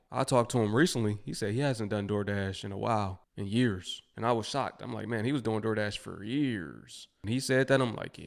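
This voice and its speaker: Gravelly low-voiced man telling a story. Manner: laid-back, conversational storyteller.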